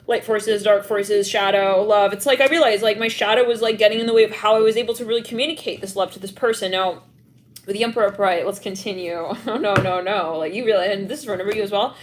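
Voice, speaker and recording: Talking fast in a mid-range voice over slight background noise, a young woman reads tarot on a live stream. Her delivery rambles and is packed with "like," and she animatedly acts out small scenes, giggling frequently.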